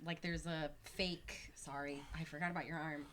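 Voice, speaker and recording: A woman's voice: sits low, moderate pace. A woman playing a tabletop role-playing game, casual and giggly. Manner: giggly, animated. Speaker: player.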